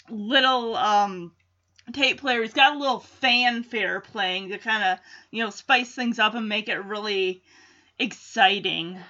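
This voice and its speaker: Woman vlogger, high bright voice, unhurried chatty recap, a bit lo-fi. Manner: chatty, amused, acts out quotes. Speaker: vlogger recapping a sitcom episode. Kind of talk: casual reaction chat.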